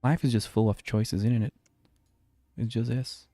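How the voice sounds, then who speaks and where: A man's voice: medium pitch, fairly even intonation, measured pace, mellow, no room sound, studio quality. A man streaming a space game, talking to himself in a rambling way with many restarts. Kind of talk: live gameplay commentary. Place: home.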